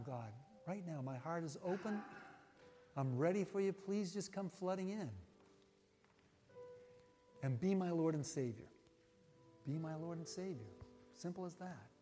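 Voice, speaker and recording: His voice a little high and echoing with big-room sound, a male pastor delivers a sermon in a church sanctuary and then leads an altar-call prayer. The delivery is folksy and earnest, with repeated phrases and a drop to a hush during prayer.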